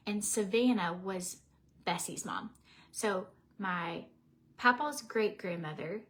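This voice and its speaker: A woman, chatting casually on a livestream, tired and teary, rambling with many fillers and restarts. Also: medium pitch. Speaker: makeup vlogger.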